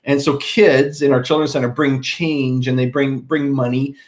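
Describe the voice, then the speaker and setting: A man co-hosting a casual church live chat, telling a story in an animated, rambling way with frequent restarts. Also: mid-range voice, normal speed. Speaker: church staff co-host.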